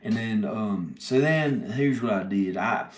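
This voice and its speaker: A man's voice: lowish voice, animated. Rambling man in an echoey room. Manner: halting, repeats words, giggles often. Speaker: video maker telling a story. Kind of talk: rambling comic storytelling.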